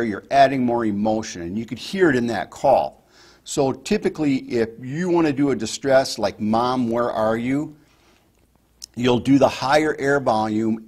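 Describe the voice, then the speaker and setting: A man of ordinary pitch walks listeners through hunting calls in a plain, instructional tone. He explains patiently and step by step. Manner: explains step by step, demonstrates softly. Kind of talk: instructional talk.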